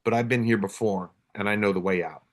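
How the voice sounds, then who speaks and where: A man voicing an experienced male cop who calmly reassures a fellow officer. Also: fairly low pitch, quick pace, natural voice. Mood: reassuring. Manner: calm and reassuring.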